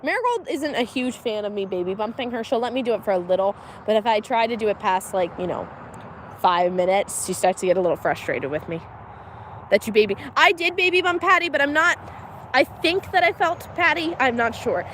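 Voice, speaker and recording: A homestead mom hosts an animated farm livestream at a brisk pace, her fairly high voice a bit bright as she giggles and talks to her animals. The recording carries a little hiss or hum.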